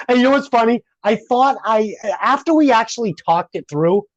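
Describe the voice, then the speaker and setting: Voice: medium pitch, normal speed, no room sound, dull audio. A podcast co-host in a casual movie review chat, swearing freely and ranting with lots of heat. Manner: profane, ranting, animated.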